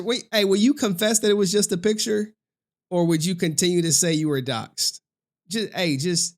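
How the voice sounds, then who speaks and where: High-voiced man ranting on a stream. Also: a little slow. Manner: animated, profane, frequent laughing. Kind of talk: reaction stream commentary.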